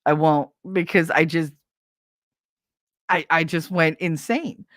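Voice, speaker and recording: Lower-pitched woman telling rambling stories. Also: slow, dry recording, clean studio sound. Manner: rambling and animated, swears freely, laughs often. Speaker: streamer. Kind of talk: casual storytelling chat. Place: home streaming setup.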